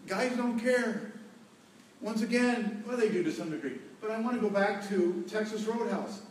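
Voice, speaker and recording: A man's voice: high voice, brisk, a little mellow, recorded from a distance, slight background noise. Echoey middle-aged preacher man. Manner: folksy, joking storyteller, repeats key words. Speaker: pastor. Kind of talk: sermon on marriage. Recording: echoey hall, voice from afar.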